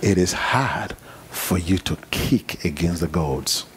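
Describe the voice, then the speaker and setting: A man's voice: sits low, a little hiss or hum, voice pushed down. A man voicing God as a grave, solemn divine speaker during a sermon. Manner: slow, grave, hushed delivery. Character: solemn deep-voiced voice of God.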